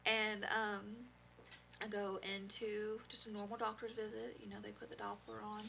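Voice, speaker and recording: A young woman giving heartfelt personal testimony as a podcast guest, halting and full of fillers. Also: medium pitch, completely flat delivery, vocal fry, pushed and bright, a little hiss or hum.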